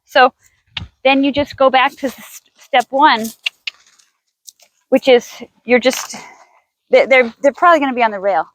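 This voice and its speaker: A woman's voice: high voice, unhurried, long pauses, dry recording, low-quality recording. Chatty woman horse trainer outdoors. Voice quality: chatty, thinks aloud with restarts, coaxes horse. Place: outdoor riding arena, storm coming.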